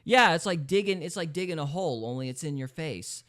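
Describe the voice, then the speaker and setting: A man with a fairly high voice hosts a podcast, reacting to a clip in casual chat. He talks with sarcasm and swoops all over his range to stress a point. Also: fairly quick. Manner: animated, sarcastic, swings pitch widely for emphasis. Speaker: podcast host.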